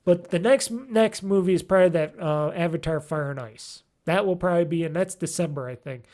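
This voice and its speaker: A man's voice: a little high, fairly quick, darkish tone. A man hosting a gaming podcast alone, chatting casually and rambling with lots of ums and curse words as he searches for names. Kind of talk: casual solo podcast chat.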